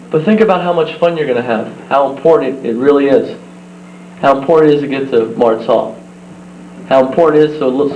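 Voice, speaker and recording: Earnest young man in a roomy hall. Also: mid-range voice. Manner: earnest storytelling, halting restarts. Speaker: banquet guest speaker. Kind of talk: speech to a crowd. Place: banquet hall. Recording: roomy, dull old videotape with hum.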